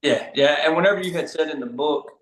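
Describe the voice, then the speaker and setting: A man guesting on a podcast, telling hunting stories in a lively, casual way, speeding up in bursts. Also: a little high. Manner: animated, talks fast in bursts, laughs mid-story. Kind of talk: casual storytelling chat. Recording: roomy echo.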